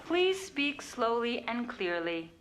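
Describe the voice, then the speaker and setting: An actress voicing a calm, polite automated elevator voice in a comedy sketch. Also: female voice, on the high side, takes it slowly, heavily acted. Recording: noisy playback.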